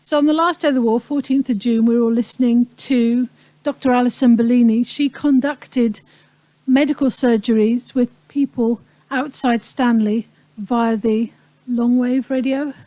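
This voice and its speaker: A woman in her fifties from the Falkland Islands speaks to an audience, reflective and unhurried, pausing often, with dry humor. Her voice sits fairly high but sounds mellow and soft-edged. The sound is dry, with little room echo. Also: steady tone. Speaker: speaker recounting a wartime childhood. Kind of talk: personal talk to an audience.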